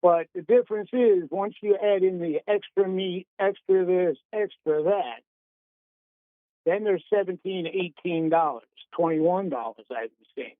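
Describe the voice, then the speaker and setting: A man's voice: sits high, a little slow, dry recording. A man calling in to a radio show, chatting in a polite, folksy way and answering with "sir". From North Carolina. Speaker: radio caller. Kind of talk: casual phone-in chat. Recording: tinny phone line.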